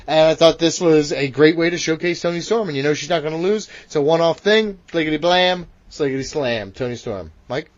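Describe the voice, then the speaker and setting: A man's voice: fairly high pitch, fairly quick, hardly any pauses, dry recording, dull audio. A man co-hosting a wrestling podcast, brash and teasing, swearing freely in casual banter. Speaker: podcast co-host.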